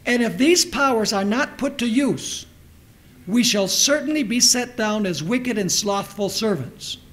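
A man's voice: high voice, lively intonation, a little slow, a bit bright, low-quality recording. A pastor preaching a sermon, repeating his references and putting questions to his listeners. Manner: emphatic preacher who repeats references and asks the audience questions.

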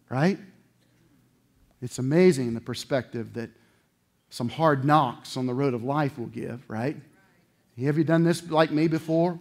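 A middle-aged male pastor preaching a sermon, animated, acting out little voices and swinging between loud outbursts and low asides. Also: moderate pace.

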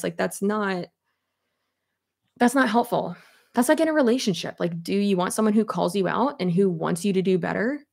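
A young adult woman in casual commentary chat, talking to her audience, animated and swearing freely, with many fillers. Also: medium pitch, normal speed, gravelly. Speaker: commentary YouTuber.

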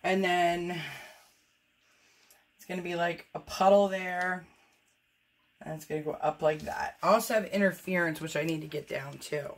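A woman's voice: lowish voice, steady tone, moderate pace, pauses often. A woman painter demonstrating fluid art, chatting in a joking, self-deprecating way and talking through each step as she works. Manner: talks through each step while working.

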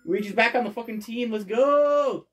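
Excitable, swearing let's play gamer. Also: mid-range voice, normal speed, slight background noise. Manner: excitable, loud bursts of cheering, frequent swearing. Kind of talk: game commentary. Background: faint game music.

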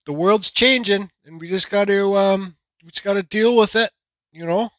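A man in his forties telling a rambling, animated story in a casual vlog voiceover. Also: high voice, moderate pace, dry recording. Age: 40s. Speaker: woodcarving channel host.

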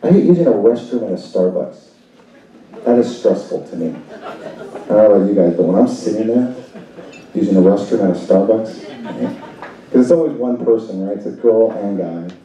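A man performing a stand-up comedy set on a club stage, animated and breaking into high panicked shrieks for his bits. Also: moderate pace. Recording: roomy, distant, dull club recording. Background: audience laughter.

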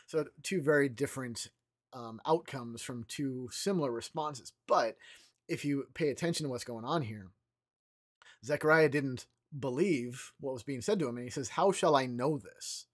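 A man gives a relaxed devotional talk at morning prayer. His voice sits at an ordinary middle pitch. He talks loosely, pausing and restarting as he works through the passage out loud. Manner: loose and conversational, with frequent pauses and restarts. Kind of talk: informal devotional teaching.

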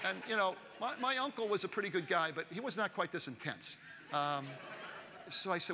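A man's voice: a little high, fast, noisy background. A man in his sixties giving a chatty, storytelling keynote talk and asking the audience questions. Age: 60s. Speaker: keynote speaker. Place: large conference hall. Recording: long hall reverb.

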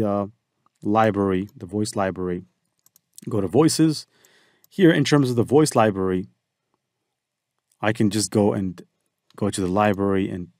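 A man with a fairly low voice hosts a step-by-step software tutorial and talks each click through as he goes. The sound is dry and close. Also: no room sound. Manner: thinks aloud, walking through each step. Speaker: tutorial host. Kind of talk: screen-recorded software tutorial.

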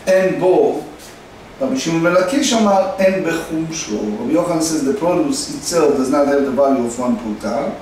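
Man, Talmud lesson, slow halting explanation, faint background noise. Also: a little high, a little mellow, distant mic. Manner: slow, halting delivery, reading Aramaic then translating. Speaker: Talmud teacher. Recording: echoey room, faint noise.

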